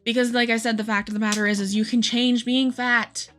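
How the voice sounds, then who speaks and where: A woman's voice: a little high, level tone, brisk, fairly bright tone, faint music behind. Heated young woman commentator. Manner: heated, frustrated ranting. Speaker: commentary creator. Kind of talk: reaction commentary.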